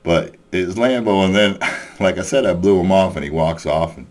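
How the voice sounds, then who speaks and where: A man's voice: low-pitched, moderate pace. A man telling a story in a profane, exasperated rant, chuckling as he goes. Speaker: vlogger ranting about a coworker.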